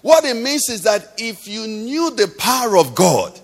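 A man's voice: high-pitched, big pitch swings, unhurried. A middle-aged man preaching a sermon, drawing call-and-response from the congregation and telling everyday stories to make his point. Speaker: pastor. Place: church hall. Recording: long hall reverb.

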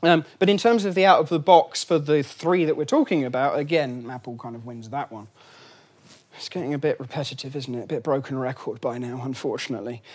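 A man's voice: medium pitch, fairly quick, husky. A middle-aged man giving a lunchtime lecture in a room, chatty and wry, with many fillers and restarts.

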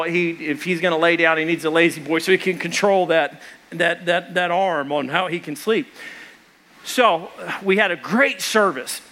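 A man with a high, bright voice preaching a sermon. He tells a personal story from the pulpit and acts out the lines of the people in it. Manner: storytelling with animated retelling of dialogue. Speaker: pastor.

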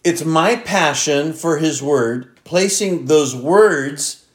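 A pastor delivers a sermon at an unhurried pace. He is a man with a fairly high voice, and he stretches the words he wants to stress. His voice echoes around a roomy church sanctuary. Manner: emphatic scripture reading, stretching key words.

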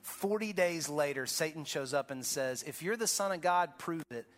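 A man preaching a sermon as pastor to a congregation, emphatic, swinging from urgent high peaks to low quiet lines. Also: animated, normal speed, in a large hall. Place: large church auditorium.

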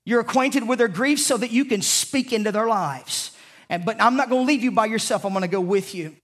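A man from the American South with a Southern accent, preaching an impassioned sermon as pastor to a congregation, swinging from loud declarations to hushed lines. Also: sits high, brisk. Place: church sanctuary with a congregation.

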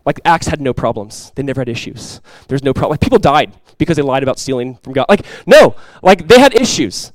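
A male pastor preaching a sermon in a relaxed, conversational way, full of fillers and asides. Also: mid-range voice, fairly quick, few pauses, dry recording, low-quality recording.

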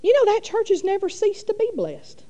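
A woman's voice: very high-pitched, wildly swooping pitch, normal speed, warm tone, highs cut off. A middle-aged woman, telling a rambling, folksy church testimony full of fillers. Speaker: church speaker. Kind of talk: testimony storytelling.

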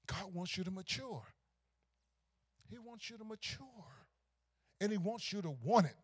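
A pastor preaching a sermon, swinging from hushed asides to shouted climaxes. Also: male voice, high-pitched, animated, measured pace, husky.

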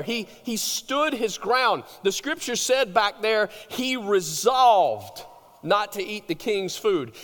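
A man preaching a sermon, telling the story with animated swings between loud emphasis and hushed, drawn-out words. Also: sits high, big-room sound. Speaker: pastor.

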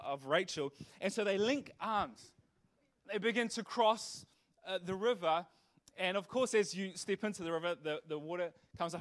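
A young man preaching a sermon, telling a funny story with animated energy before turning earnest. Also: sits high. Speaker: pastor.

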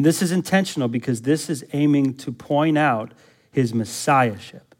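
A man preaching a sermon in an emphatic, pressing way. He keeps asking his listeners to fill in the blanks and repeats himself to drive his points home. His voice sits a little high for a man. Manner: asks the congregation fill-in-the-blank questions. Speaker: pastor.

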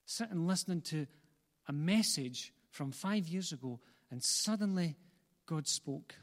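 A man's voice: fairly high pitch, expressive, measured pace. A man preaching a sermon as pastor, earnest and building through repeated phrases, then leading a closing prayer. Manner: earnest, building repetition, gentle asides to congregation. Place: church hall. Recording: long reverb of a church hall.

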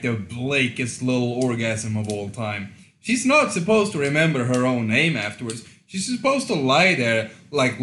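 Bright-voiced joking man, roomy sound. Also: mid-range voice. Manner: joking, crude. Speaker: podcast co-host. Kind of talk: casual podcast chat. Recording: echoey room.

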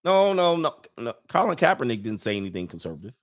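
A man's voice: medium pitch, sing-song, quick pace. A man with a mid-range voice talks in a loose, rambling way. He jokes his way through a casual rant as host, following one thought into the next without any script. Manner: loose, joking, rambling, laughs often.

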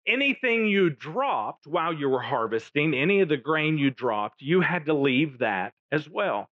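A man preaching, his voice rising and falling animatedly as he retells the story and drops in jokes. He sits a little higher than most men. The sound is dry and somewhat dull, like a lo-fi recording. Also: very animated, measured pace, no room sound. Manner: storytelling with jokey asides. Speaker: pastor. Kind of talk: sermon.

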